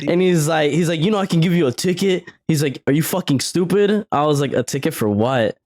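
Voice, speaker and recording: A young man co-hosting a podcast, telling stories in an animated way and laughing often. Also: on the high side, fairly quick. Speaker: podcast co-host. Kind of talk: casual chat.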